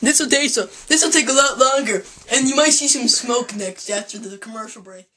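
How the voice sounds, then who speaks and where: A woman hosting a spoof cooking show with a goofy, deadpan manner and sudden loud outbursts. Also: a little high, moderate pace. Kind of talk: deadpan comic cooking demonstration. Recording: noisy home video recording.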